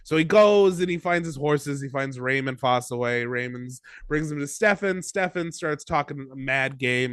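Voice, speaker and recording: A man's voice: medium pitch, normal speed, hardly any pauses, fairly bright tone, smooth, no room sound. A man hosting a podcast, ill at the moment, recapping a story in a rambling, profane, jokey way. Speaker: podcast host. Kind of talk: casual recap chat.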